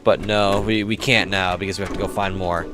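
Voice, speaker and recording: A man's voice: deep voice, fairly even intonation, a little fast, fairly bright tone, faint music behind. A young man casually commenting while playing a video game, swearing often and grumbling at the game. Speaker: gaming YouTuber. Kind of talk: casual let's-play commentary.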